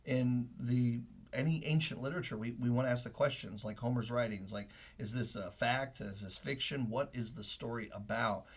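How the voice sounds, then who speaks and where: Man in his thirties, pastor co-host, husky and earnest, mid-range voice, loose podcast delivery full of "like" and "uh". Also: mid-range voice, moderate pace, few pauses. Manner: earnest, emotional storytelling with many fillers. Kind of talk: casual podcast talk, preaching.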